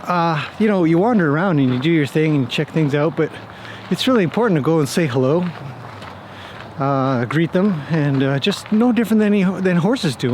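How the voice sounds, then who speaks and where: A man's voice: fairly high pitch, darkish tone, a little hiss or hum. A man working as a horse trainer, chatting casually and joking as he talks to his horses outdoors. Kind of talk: casual vlog talk to camera and horses.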